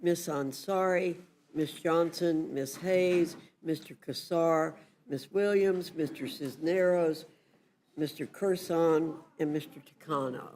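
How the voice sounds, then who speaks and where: A man's voice: fairly high pitch, a little mellow, slight background noise. A man chairing a committee hearing, running proceedings in a procedural way. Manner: slow, procedural.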